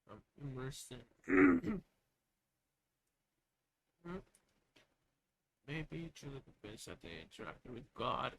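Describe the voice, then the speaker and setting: A man's voice: on the high side, bright, forceful tone, low-quality recording. A young man on a live stream reading an article aloud and breaking off into casual, swearing, laughing commentary.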